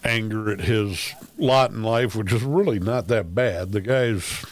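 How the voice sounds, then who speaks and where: A man's voice: lowish voice, a little slow. A man talking casually on his livestream, rambling with frequent ums and wry laughs. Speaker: streamer.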